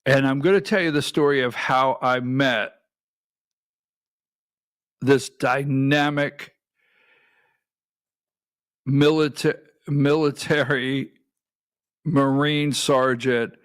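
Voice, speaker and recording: A man's voice: medium pitch, fairly even intonation, slow pace, long pauses, clear, resonant tone. A middle-aged man hosting a political talk radio show from a studio, folksy and calling on his producer for clips.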